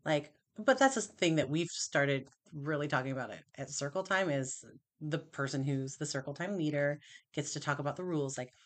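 A woman's voice: deep voice, normal speed. A woman teacher in a casual chat, steadily explaining how her classroom works.

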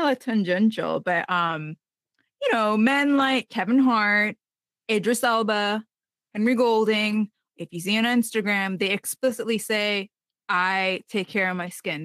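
Woman, casual co-host, hesitant, filler-heavy questions, a bit high pitched, dry recording. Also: a little slow, fairly bright tone, dry recording. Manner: hesitant, lots of fillers, laughs easily. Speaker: podcast co-host. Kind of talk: casual interview chat.

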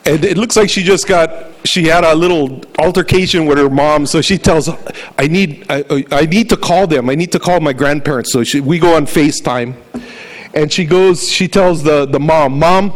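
An older man preaches in an earnest, storytelling way, moving from scripture into personal anecdotes. His voice sits somewhat high for a man. A long reverb trails his words. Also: moderate pace. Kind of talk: sermon.

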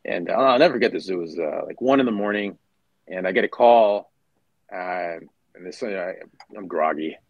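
A man's voice: sits low, normal speed, dry recording, muffled recording. A man in his forties, a former Marine officer, telling stories in a casual interview and acting out the voices of people in them. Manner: animated storyteller who acts out voices in anecdotes.

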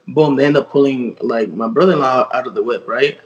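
A man's voice: mid-range voice, a little fast, few pauses. Young man, twenties, casual slangy storytelling, lots of fillers, slightly muffled audio. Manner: slangy, many fillers, retells quotes. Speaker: guest artist.

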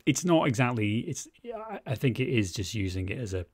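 A man's voice: medium pitch, big pitch swings, brisk, husky, no room sound, studio quality. A man co-hosting a casual film podcast, wry and teasing, with plenty of swearing. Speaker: podcast co-host. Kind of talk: casual film-review chat.

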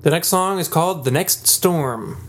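A man's voice: on the high side, moderate pace, a bit bright, slight background noise. A man co-hosting a casual album review podcast, joking and bantering. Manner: playful, jokey banter. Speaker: podcast co-host.

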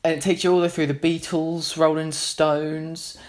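A man's voice: fairly high pitch, level tone, normal speed. A man, a musician, telling a long casual anecdote in a rambling way, full of fillers and restarts.

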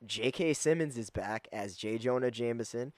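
A man giving a casual, rambling movie review, full of fillers and quick acted-out quotes. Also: mid-range voice, dry recording. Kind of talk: casual spoken film review.

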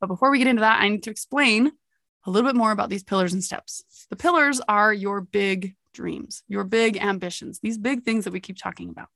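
A woman's voice: mid-range voice, fairly quick, gravelly, bright, forceful tone, dry recording, studio quality. A young adult woman hosting a motivational podcast, telling a story with energy and laughing at herself. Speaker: podcast host.

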